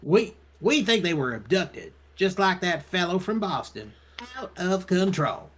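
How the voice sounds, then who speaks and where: A stern, cigar-chewing police chief barks orders in a put-on British accent, as a man reads him aloud in a game playthrough. The voice swings widely in pitch and carries a husky edge, clipped and commanding. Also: sing-song, unhurried, full character voice.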